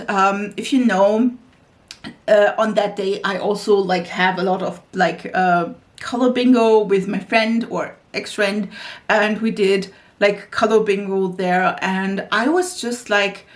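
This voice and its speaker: Chatty woman beauty vlogger. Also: medium pitch. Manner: chatty, many filler "like"s. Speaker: beauty YouTuber. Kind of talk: casual vlog chat about makeup.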